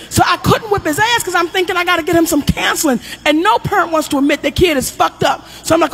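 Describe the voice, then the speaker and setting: A middle-aged woman comedian telling a long, loud, profane stand-up story, acting out the people she quotes. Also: very high voice, fast, vocal fry, few pauses, slight background noise.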